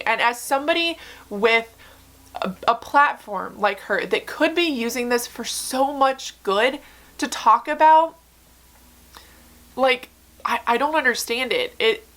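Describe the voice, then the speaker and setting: A young woman with a bright, forward voice talks straight to camera in a candid, casual way. She speaks earnestly and emotionally, with lots of "um" and "like" and the odd swear word. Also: a little high. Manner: earnest, emotional, many fillers and profanity. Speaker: book vlogger.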